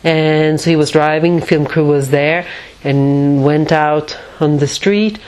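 A woman with a low voice gives a spiritual teaching talk. She speaks slowly and reflectively, with frequent pauses between her phrases. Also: fairly even intonation, darkish tone, rough recording. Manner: measured and reflective, with many pauses. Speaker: meditation teacher.

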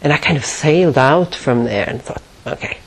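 A woman's voice: deep voice, animated, moderate pace, husky. A woman teaching at a retreat, telling a personal story in a reflective way and often laughing at herself.

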